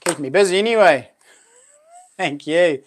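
A man with a New Zealand accent chats casually as the host of a live stream, trailing off and starting over as he talks. His voice sits a little high for a man. His tone stays friendly and easy as he thanks his viewers. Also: expressive, a little slow, slight background noise. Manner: chatty, thanks viewers warmly, lots of fillers and laughs. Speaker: livestream host and knifemaker.

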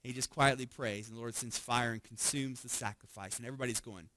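A man preaching a sermon as a pastor, conversational and animated, often chuckling and checking in with his listeners. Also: medium pitch, fast, slight background noise. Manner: conversational, tags lines with "right?" and chuckles often; animated storytelling with frequent restarts.

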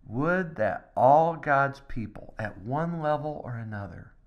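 Pastor swinging between hush and excitement. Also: male voice, mid-range voice, measured pace. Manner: swings from soft near-whisper to excited bursts. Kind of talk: podcast devotional talk.

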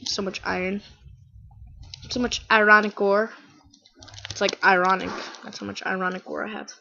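A woman's voice: mid-range voice, steady tone, moderate pace, vocal fry, sharp tone. A woman hosting a gameplay channel, giving goofy, playful let's-play commentary and repeating catchphrases. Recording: dull lo-fi home mic.

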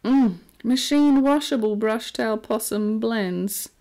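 A woman's voice: fairly high pitch, slow pace, a little mellow. Chatty Australian woman knitting vlogger. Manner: chatty and playful, prone to silly asides. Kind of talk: casual chat.

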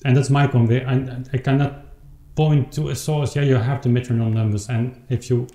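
A man who speaks as an explains his recording in thoughtful, halting speech, playing his clavichord between remarks. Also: mid-range voice, steady tone, warm tone. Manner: thoughtful, halting, with many restarts while counting beats and playing. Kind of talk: informal spoken commentary on a piece. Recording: roomy home recording with instrument.

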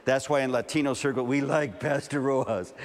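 A male pastor in his fifties from California, preaching a sermon with animated storytelling and acted-out dialogue. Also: medium pitch, brisk. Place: large camp meeting hall. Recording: long hall reverb, faint ambient noise.

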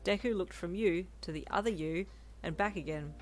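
A woman narrating her own fanfiction in a steady, gentle storytelling voice. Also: on the low side, moderate pace, soft background music. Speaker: fanfiction reader. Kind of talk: scripted narration.

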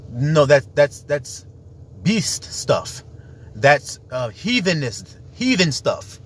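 A man's voice: fairly high pitch, sing-song, slow, a little hiss or hum. A man preaching in an emphatic, rambling monologue, full of rhetorical questions.

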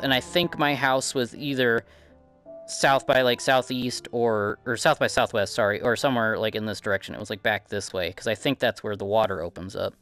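This Midwestern-accented man runs a gaming channel and narrates his own play in a rambling, profane, self-deprecating way. He speaks with a medium pitch and a slightly bright tone.

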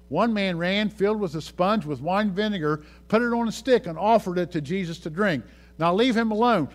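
A male pastor preaching a sermon, reading scripture aloud and repeating key phrases for emphasis. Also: fairly high pitch.

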